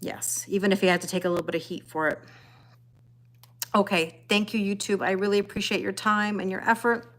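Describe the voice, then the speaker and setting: Her medium-pitched voice is a bit bright, fairly even, and fairly quick as she hosts a tarot livestream. Between comments she talks to her cats, while casually chatting with viewers and thanking each by name.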